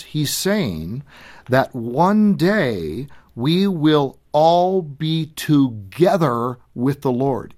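A middle-aged man, a guest on a radio interview, talking in an animated and emphatic way and often rising high as he makes his points. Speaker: guest author.

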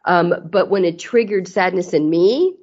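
Appearing as a podcast guest, a middle-aged woman talks openly in a relaxed interview, her fairly low, darkish voice unhurried. She comes across as earnest and frequently starts her sentences over. The recording sounds a little muffled.

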